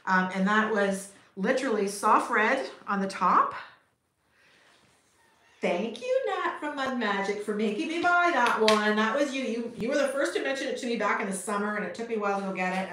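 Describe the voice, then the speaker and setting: A woman's voice: mid-range voice, fairly quick, bright, forceful tone. A middle-aged woman from Canada, chatting casually and upbeat on a livestream, laughing often and talking to her viewers. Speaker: potter streaming live. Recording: echoey room with faint noise.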